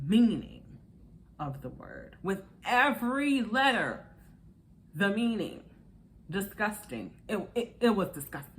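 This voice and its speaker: Animated woman recapping reality TV. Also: fairly low pitch, a little hiss or hum. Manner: animated, acts out quotes with laughs. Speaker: reality TV reviewer. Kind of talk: casual recap commentary.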